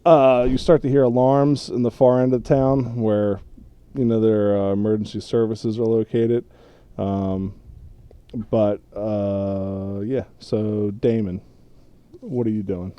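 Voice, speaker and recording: A man's voice: on the low side, steady tone, smooth, muffled recording. Laid-back man running a tabletop game. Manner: loose, laughing, halting narration. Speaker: game master.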